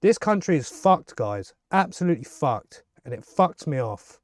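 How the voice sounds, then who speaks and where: A man's voice: fairly high pitch, big pitch swings, normal speed, no room sound. A man ranting angrily to camera, swearing heavily and sounding exasperated. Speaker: vlogger. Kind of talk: angry political rant to camera.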